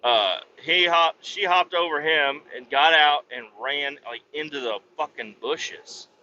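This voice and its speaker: A male podcast host rambles through a story, swearing freely and making sarcastic asides. His voice sits a little high and sounds very bright and cutting. The audio is dull and lo-fi, with faint noise behind it. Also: unhurried. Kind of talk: casual comic storytelling.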